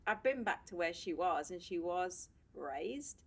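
Woman podcast guest, low-voiced, lively storyteller, slight background hiss. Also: unhurried. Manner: animated storyteller, laughs often. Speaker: podcast guest, social worker. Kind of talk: casual storytelling chat.

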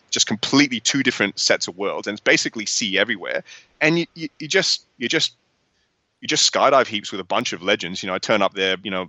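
A young Australian man with a deep voice is a guest on a casual podcast, and the audio is dull with no echo. He tells rambling, sweary stories in an animated way.

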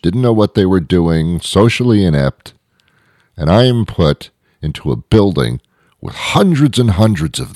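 A man delivering a sardonic, rambling comedy monologue in a deadpan stand-up style. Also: sits low, no echo, studio quality. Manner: sardonic, rambling, misanthropic asides.

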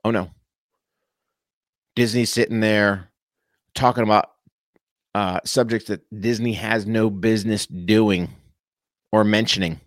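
A man delivering an impassioned, preachy monologue straight to his viewers, punching key words with sudden pitch jumps and dropping into casual slang. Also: fairly even intonation, a little slow, pauses often, no room sound, clean studio sound. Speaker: political commentator addressing viewers. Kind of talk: impassioned direct-to-camera monologue.

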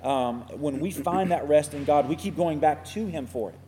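A man co-teaching a church class, explaining doctrine in an earnest, measured way. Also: fairly high pitch, dark tone, a little hiss or hum. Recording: reverberant hall.

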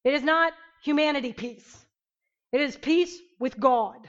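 A woman teaching an interactive Bible lesson, emphatic and animated, questioning her class. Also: high voice, a little slow, muffled recording.

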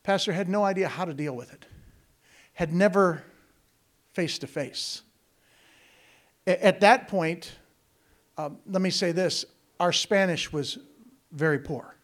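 A man's voice: high-pitched, measured pace, long pauses. A man speaking to a congregation as a visiting missionary, telling a story in a folksy, joking way and often talking straight to his listeners. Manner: folksy, joking, digressive, addresses the congregation directly. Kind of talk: storytelling sermon.

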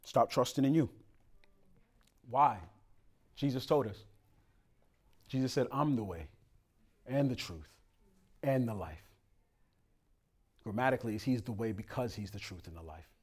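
A man preaching a sermon as pastor, conversational with street slang and sudden loud emphatic rises. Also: medium pitch, measured pace, long pauses, husky.

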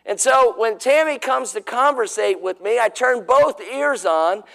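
A pastor, middle-aged, preaching in a high, gravelly voice. He tells folksy stories and acts out little bits of dialogue as he talks about marriage. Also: lively intonation, measured pace, fairly bright tone, low-quality recording. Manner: folksy storytelling with acted-out dialogue. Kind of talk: sermon on marriage, with his wife.

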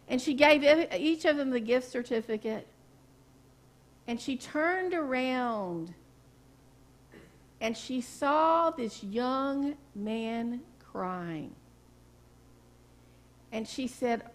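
A woman's voice: high-pitched, expressive, slow pace, long pauses. A woman pastor preaching a sermon, telling stories in a folksy way and asking the congregation questions. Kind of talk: sermon with storytelling. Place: church sanctuary.

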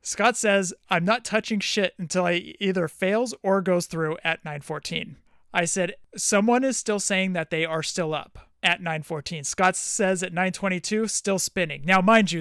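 A man's voice: high-pitched, normal speed, a bit bright, clear, resonant tone, no echo, studio quality. A man co-hosting a podcast, telling a funny story in casual chat, reading out text messages and laughing as he goes. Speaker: podcast co-host.

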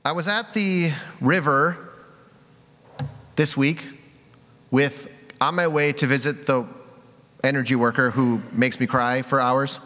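A man's voice: mid-range voice, steady tone, slow, long pauses, bright, forceful tone. A man preaching a conversational sermon, candid and self-deprecating, with many casual fillers. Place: church sanctuary. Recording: reverberant hall.

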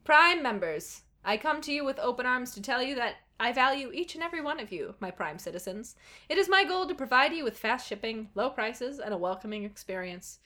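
A woman's voice: a little high, expressive, brisk, pushed and bright. A woman voicing a maniacal, pompous billionaire villain with grandiose, bellowing delivery. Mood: smarmy address.

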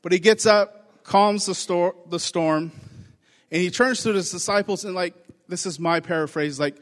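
A middle-aged man as pastor, preaching a conversational sermon and acting out quotes in lively voices. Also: high-pitched, normal speed, big-room sound.

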